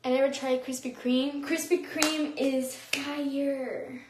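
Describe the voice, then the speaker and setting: Young woman, high voice, slow and giggly, slangy livestream chat from a phone in an echoey room. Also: steady tone, noisy background. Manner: giggly, slangy, laughs often. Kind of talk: casual livestream chat reading comments.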